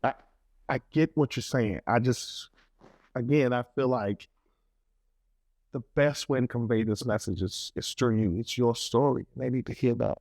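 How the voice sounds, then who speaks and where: A man's voice: medium pitch, a little slow, a little mellow, no room sound. A middle-aged man co-hosting a podcast, talking enthusiastically with small stumbles. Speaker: podcast co-host. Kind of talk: podcast talk with sponsor plug.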